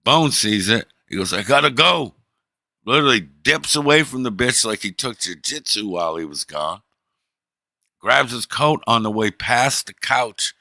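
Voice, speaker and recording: A middle-aged man streaming, telling a story in a profane, animated way and acting out the people in it. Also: medium pitch, normal speed, dry recording, studio quality. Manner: profane, animated, acts out the people in his stories. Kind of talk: casual storytelling.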